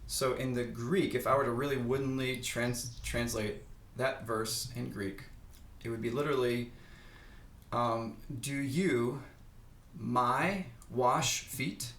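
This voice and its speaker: A man's voice: mid-range voice, flat delivery, unhurried, fairly bright tone, a little hiss or hum. Thoughtful man explaining Greek, roomy sound. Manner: thoughtful, hesitant, restarts mid-sentence. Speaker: Greek teacher. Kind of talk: explanatory podcast conversation.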